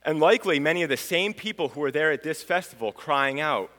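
A man preaching a sermon, swinging between loud proclamation and hushed, solemn passages. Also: a little high, brisk, hardly any pauses. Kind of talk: sermon teaching. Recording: long hall reverb.

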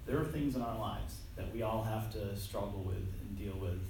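A man's voice: on the low side, normal speed, vocal fry, darkish tone, a little hiss or hum. Guy preaching a sermon, chatty and self-deprecating, stumbles and restarts, big echoey hall, mic far off.

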